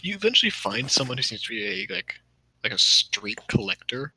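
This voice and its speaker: A man's voice: mid-range voice, very animated, a little fast, creaky, bright, forceful tone, a little hiss or hum, low-quality recording. A man running a tabletop game as game master, narrating with many fillers.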